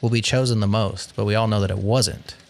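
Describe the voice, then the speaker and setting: A man's voice: on the low side, fairly even intonation, brisk, vocal fry. A man hosting a podcast game show, reading out survey results in a playful, wry way.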